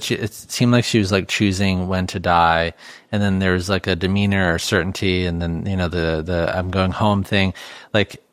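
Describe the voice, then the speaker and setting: A man hosting an interview podcast, asking searching questions in a halting way. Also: low-pitched, fairly bright tone, no echo. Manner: halting, searching phrasing with fillers. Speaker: podcast host.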